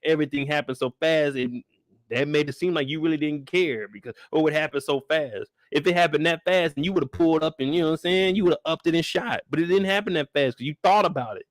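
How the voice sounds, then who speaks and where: A young man hosting a live after-show recap, talking in an animated, incredulous and profane way. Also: fairly high pitch, fast talker, no echo. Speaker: host.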